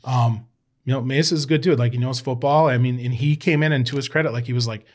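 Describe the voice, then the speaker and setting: A man guest on a podcast, telling an old football story in a rambling, animated way and swearing freely. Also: medium pitch, fast. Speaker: podcast guest, former college football player. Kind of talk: casual storytelling chat.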